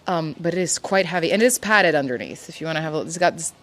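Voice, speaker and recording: A woman's voice: low voice, lively intonation, fast talker, a bit bright, slight background noise. A woman acting as a riding instructor, enthusiastically explaining horse equipment step by step. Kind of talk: explanatory casual chat.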